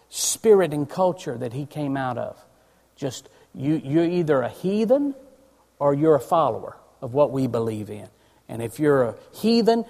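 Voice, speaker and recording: A man's voice: fairly high pitch, mellow. A man preaching a sermon, emphatic and asking his congregation questions. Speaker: pastor. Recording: long church reverb.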